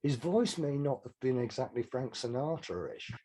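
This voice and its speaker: Husky older man. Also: mid-range voice, big pitch swings, moderate pace, dark tone. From England. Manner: rambling, anecdotal, self-deprecating. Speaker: interview guest, songwriter. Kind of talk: casual interview chat.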